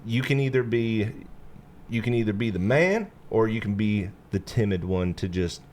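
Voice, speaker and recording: A man's voice: on the low side, normal speed, a little hiss or hum. A man hosting a casual chat, telling a long story with lots of fillers and acting out the quotes. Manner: animated storyteller, acts out quotes in bursts; relaxed, lots of "you know" fillers. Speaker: podcast host.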